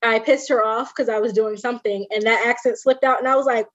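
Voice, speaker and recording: A woman's voice: a little high, fast talker. Chatty woman on a lo-fi podcast. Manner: animated storytelling, mimics relatives' voices. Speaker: podcast co-host. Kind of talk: casual chat.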